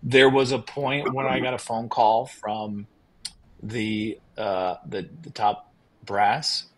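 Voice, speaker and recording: This guest, who owns a winery, speaks at a slow pace in a fairly low voice, captured on a poor-quality recording. He wanders through his story on the podcast with casual excitement, breaking into animated quotes of what others said.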